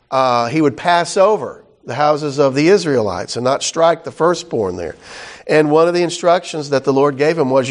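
A man teaching a sermon verse by verse, in a casual, conversational way with many fillers and "right?" asides. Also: fairly high pitch. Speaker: pastor.

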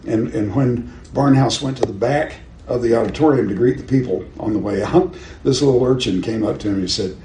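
A man's voice: mid-range voice, fairly quick, dark tone. An older man teaching a Bible class in a conversational way, asking his listeners questions and chuckling at his own stories. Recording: roomy with faint background noise.

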